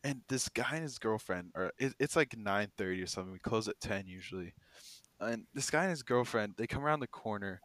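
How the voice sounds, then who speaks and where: A man's voice: lowish voice, fairly quick, no room sound. A young man telling a funny work story in a casual podcast chat, laughing and acting out other people's lines. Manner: animated storyteller who acts out quotes, laughs a lot. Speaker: podcast co-host.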